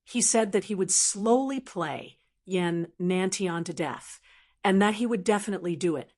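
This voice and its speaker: A woman narrating a translated fantasy novel as an audiobook in a steady reading voice. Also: mid-range voice, moderate pace. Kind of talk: scripted narration.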